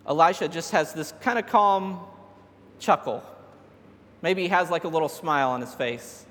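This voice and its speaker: A man's voice: on the high side, normal speed, a bit bright. A man preaching a sermon, retelling scripture in a casual storytelling way and building to emphatic peaks. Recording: long hall reverb.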